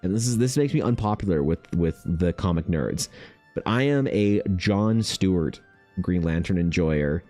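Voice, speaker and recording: A man's voice: sits low, expressive, normal speed, dark tone, soft background music. A man streaming while he draws, chatting in a rambling, profane, self-mocking way. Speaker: art streamer. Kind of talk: casual chat while drawing.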